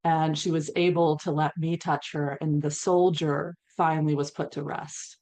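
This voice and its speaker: A woman's voice: sits low, moderate pace. A woman on a panel telling a long healing story, acting out what people said and laughing now and then. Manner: animated storyteller, acts out quotes, laughs between lines. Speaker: panelist, equine-assisted healer.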